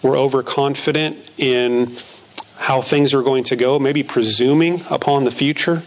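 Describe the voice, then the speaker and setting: A man's voice: medium pitch, fairly even intonation, unhurried, a little hiss or hum. A man preaching a sermon who reads scripture verses aloud and repeats phrases for emphasis.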